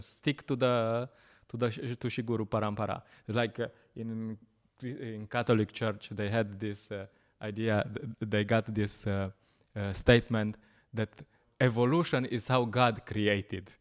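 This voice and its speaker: A man giving a scripture class, telling stories in an animated way, often laughing and pausing with fillers. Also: medium pitch, smooth. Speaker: lecturer at a temple program.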